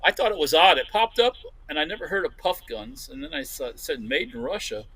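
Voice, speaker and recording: A man's voice: fairly high pitch, big pitch swings, brisk, sharp tone, slightly rough, dry recording, poor audio. A man co-hosting a podcast in casual chat, blunt and rambling, swearing freely. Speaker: podcast co-host.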